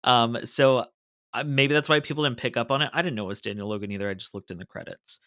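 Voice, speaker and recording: A man's voice: mid-range voice, fast, sharp tone, no echo, studio quality. A man co-hosting a podcast in casual chat. He is eager and detail-focused, and he swears casually. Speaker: podcast co-host.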